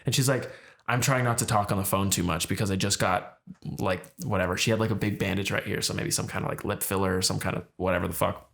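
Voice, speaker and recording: A man's voice: low voice, fairly even intonation, quick pace, vocal fry, fairly bright tone. A man co-hosting a podcast, telling a story in a casual chat and acting out the people he quotes. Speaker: podcast co-host.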